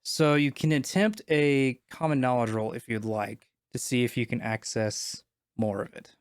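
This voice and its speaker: A man in a mid-pitched voice runs a tabletop game, casual and loose, trailing off and restarting often. The sound is dry and close, no room in it. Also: steady tone, normal speed, clean tone, no room sound. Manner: casual, many fillers and restarts. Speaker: game master.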